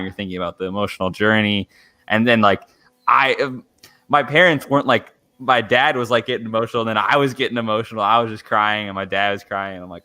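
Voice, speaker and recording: A young man co-hosting a podcast, telling a story in an animated way. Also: fairly low pitch. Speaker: podcast co-host. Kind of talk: casual chat.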